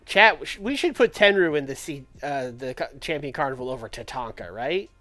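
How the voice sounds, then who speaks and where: Chatty streamer guy talking to chat, pretty animated voice, some soft music behind. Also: medium pitch, brisk, dry recording. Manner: chatty, thinks aloud, talks to chat. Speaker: livestreamer. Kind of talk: casual game commentary. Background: faint background music.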